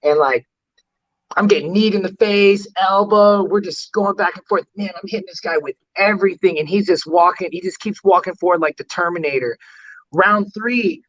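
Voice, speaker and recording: High-voiced rambling fighter, dull audio. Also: male voice, moderate pace, fairly bright tone. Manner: rambling, heavy use of "like" fillers. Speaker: fighter guest. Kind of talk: casual storytelling interview.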